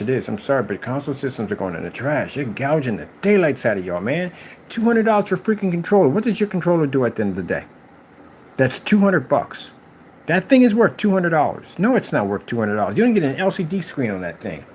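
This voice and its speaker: A man hosting a gaming video, ranting in exasperated, animated commentary and mocking imagined replies. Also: fairly high pitch, slight background noise. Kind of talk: ranting commentary over clips.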